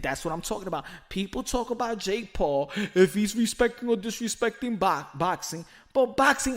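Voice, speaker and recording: A man giving casual, animated boxing commentary in slangy speech, repeating words as he gets worked up. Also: high-pitched.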